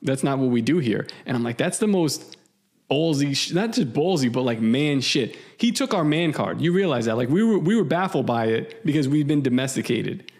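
A man's voice: fairly high pitch, lively intonation, moderate pace, a little mellow. A young man co-hosting a podcast, rambling through profane stories and laughing as he tells them. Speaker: podcast co-host. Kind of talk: casual podcast chat.

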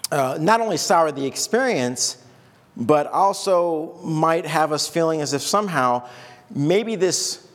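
A man's voice: a little high, long reverb tail. A man preaching a sermon as pastor, in a loose, conversational way, stopping and restarting and acting out little asides. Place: church.

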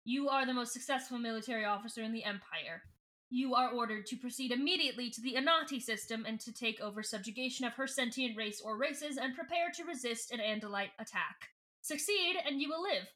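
A woman voicing a stern male alien council leader who speaks in a cold, measured, commanding way. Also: fairly high pitch, pushed and bright.

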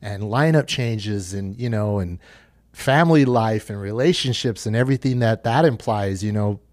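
A man's voice: fairly low pitch, normal speed, darkish tone, dry recording, studio quality. A man hosting an interview, asking eager, chatty questions with filler words. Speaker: podcast host. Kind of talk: casual interview.

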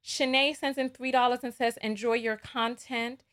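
A woman's voice: on the high side, steady tone, moderate pace, a bit bright, slight background noise. A woman with a New York accent hosting a livestream talk show, chatty and sassy, reading out viewer donations and laughing often.

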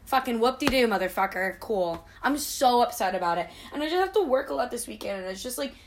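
A woman's voice: on the high side, animated, fast. A young adult woman hosting a casual podcast chat, telling stories animatedly and swearing freely. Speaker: podcast host.

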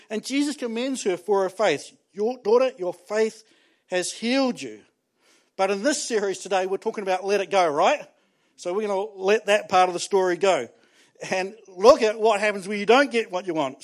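Animated high-voiced male preacher. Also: moderate pace. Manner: animated, conversational preaching with acted-out inner voices. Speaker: pastor. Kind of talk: sermon.

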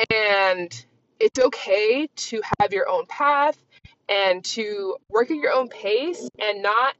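A woman's voice: medium pitch, fairly bright tone. A woman in her twenties hosting a casual solo podcast, talking candidly in a rambling way, with lots of "like". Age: 20s. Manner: rambling, candid, heavy use of "like". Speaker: podcast host. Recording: slightly dull lo-fi recording.

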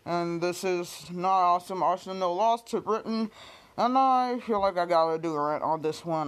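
A woman's voice: medium pitch, normal speed. A woman sports vlogger doing an angry fan rant, heated and cursing, repeating herself and firing questions at her viewers in slangy talk.

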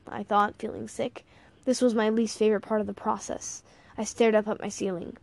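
A woman's voice: medium pitch, level tone, normal speed, gravelly, no echo. A woman narrating a first-person audiobook in a wry, playful storytelling manner.

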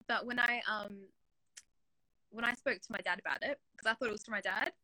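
Twenties female guest, live chat, quick animated talker, bright tone, dry close sound. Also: mid-range voice, no room sound, rough recording. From Australia. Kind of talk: casual live-stream chat.

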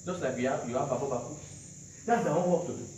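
A man delivers a sermon emphatically, repeating lines and quizzing his congregation. His voice is medium-pitched, slightly mellow, and fast. The recording comes from far off in a very echoey hall with faint noise.

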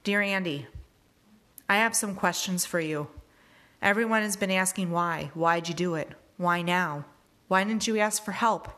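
A woman's voice: fairly low pitch, a little slow, a bit bright. A woman reading aloud as a grieving teenage classmate who presses with pointed questions. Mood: stern.

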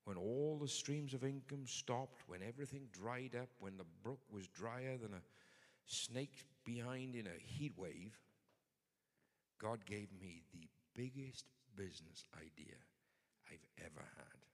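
A man's voice: mid-range voice, measured pace, big-room sound. A man preaching a sermon in a conversational but emphatic way. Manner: conversational, emphatic, builds to forceful points.

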